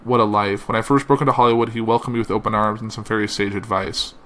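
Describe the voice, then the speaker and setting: A male podcast host with a lowish, slightly bright voice and steady tone reads out a tribute and quoted messages. He goes slowly, with some slips and plenty of "uh."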